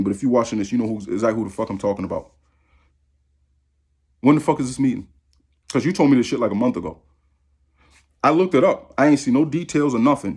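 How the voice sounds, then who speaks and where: Husky man in his thirties, fired-up profane rant to camera, voice swings up and down a lot. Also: a little high, darkish tone. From Massachusetts. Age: 30s. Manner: profane, heated, repetitive. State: angry. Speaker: vlogger.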